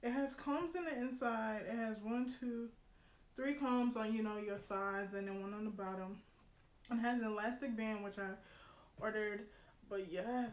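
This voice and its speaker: A young woman vlogger chatting excitedly to her viewers, slangy, and quick to laugh. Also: fairly high pitch. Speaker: beauty vlogger. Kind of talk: casual unboxing chat to viewers. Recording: roomy echo, faint noise.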